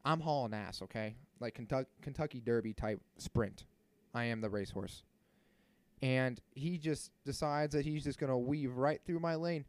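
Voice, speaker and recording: A man in his thirties tells a story on his podcast, worked up and indignant, with a steady middle pitch. He curses freely and keeps the story moving. The recording is dry and close. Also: normal speed, dry recording. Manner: animated, indignant, swears freely. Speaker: podcast host. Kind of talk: casual storytelling monologue.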